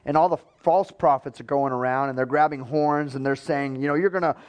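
A man's voice: medium pitch, steady tone, a little fast, smooth. A man preaching a sermon in a conversational storytelling way, acting out the voices he quotes.

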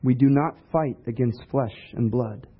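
A man's voice: mid-range voice, a little slow. A man preaching a sermon in a conversational way, asking rhetorical questions. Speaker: pastor. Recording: dull lo-fi recording.

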